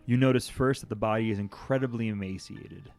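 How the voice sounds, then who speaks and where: A man's voice: fairly low pitch, fairly quick, vocal fry. Laid-back male game master. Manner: relaxed, descriptive, laughs easily. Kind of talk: narrating a tabletop game. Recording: faint music under the voice.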